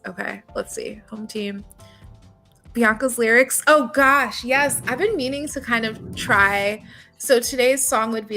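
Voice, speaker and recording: Bright playful woman co-host. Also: a little high, unhurried, faint music behind. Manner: playful, jokey, makes up little jingles. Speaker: co-host of a developer livestream. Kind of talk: casual chat.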